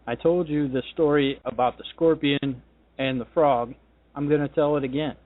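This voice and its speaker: A man's voice: mid-range voice, fairly even intonation, moderate pace. A man hosting a political talk radio show, delivering a combative, ranting monologue. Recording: tinny phone-line sound.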